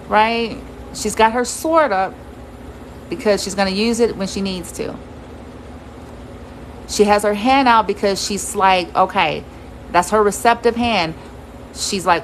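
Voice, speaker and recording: Woman tarot reader, mid pitch, casual and blunt, swears freely, faint background noise. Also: slow pace, pauses often, poor audio. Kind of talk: casual tarot reading to viewers.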